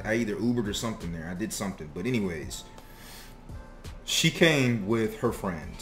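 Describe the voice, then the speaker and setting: Candid young man with a low voice. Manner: candid, confessional, profane, emotional. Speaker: vlogger telling a personal story. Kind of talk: casual storytime monologue.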